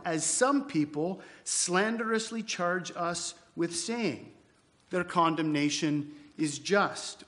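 Emphatic preacher, slightly high voice. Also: male voice, lively intonation, fairly bright tone. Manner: emphatic, slows down to repeat key phrases. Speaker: pastor. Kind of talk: expository sermon. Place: church.

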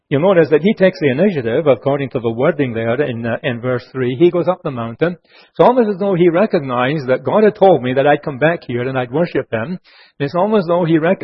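A man preaching an expository sermon, earnest, slowing down and dropping his voice low on key phrases. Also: husky. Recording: muffled lo-fi sermon recording.

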